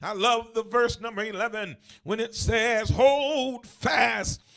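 A man preaching a sermon as a bishop, building into shouted, sung cadences with repeated phrases and frequent "uh" fillers. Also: high-pitched, fairly even intonation, normal speed.

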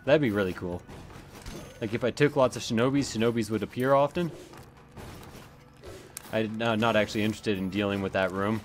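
A man's voice: on the low side, a little fast, long pauses, a little hiss or hum. A man giving casual, rambling commentary while playing a video game, swearing often and drifting into asides. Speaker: let's play gamer.

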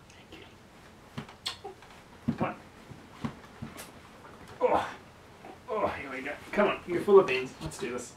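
A woman's voice: deep voice, lively intonation, takes it slowly, long pauses, noisy background. A woman at home cooing sing-song baby talk and giggling while she chats to the person filming. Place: family home.

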